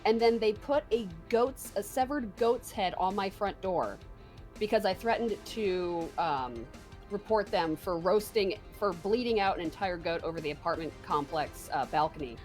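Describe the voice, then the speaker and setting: Female guest, expressive pitch, dry dark-humored chatter. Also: moderate pace, faint music behind. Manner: deadpan dark humor, swearing. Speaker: streamer guest. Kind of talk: casual chat.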